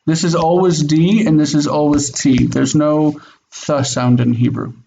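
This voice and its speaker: This online Hebrew teacher speaks in a fairly high, gravelly, dark voice with a steady tone and a slightly slow pace. He explains patiently, affirming students with many "mm-hmm"s, over dull lo-fi audio carrying faint noise.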